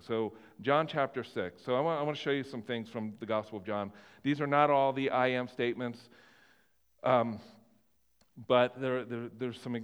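A man's voice: mid-range voice, clean tone, long reverb tail. A man preaching a sermon as pastor, earnest and often repeating himself as he restarts his sentences.

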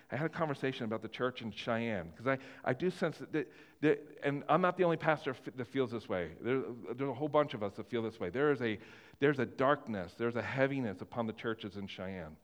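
A man's voice: mid-range voice, in a large hall. A man preaching a sermon as pastor, earnest and often repeating himself as he restarts his sentences.

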